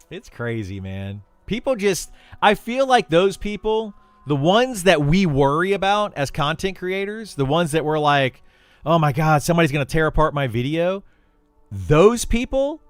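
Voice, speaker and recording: A man who makes gaming videos, chatting casually in an exasperated, ranting way. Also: mid-range voice. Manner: animated ranting, exasperated, laughs often. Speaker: gaming content creator. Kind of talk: casual livestream chat.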